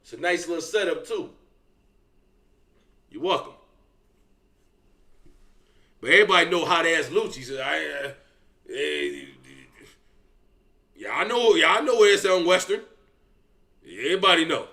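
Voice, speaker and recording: A man's voice: fairly high pitch, lively intonation, a little slow, creaky, long pauses, pushed and bright. A young man giving loose, profane reaction commentary and talking straight to his viewers. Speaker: reaction streamer.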